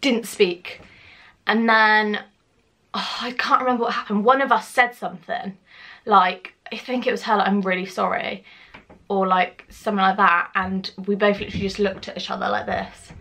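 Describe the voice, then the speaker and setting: A woman's voice: medium pitch, steady tone, moderate pace, pushed and bright. A young woman chats through a personal story for her vlog. She talks casually to the camera at home, swears freely and acts out the lines of the people in it. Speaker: vlogger.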